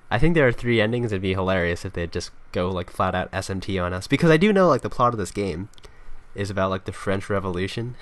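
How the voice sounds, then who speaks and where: A man's voice: lowish voice, a bit bright. A young man giving casual let's play commentary. He jokes, laughs often and reads game text aloud.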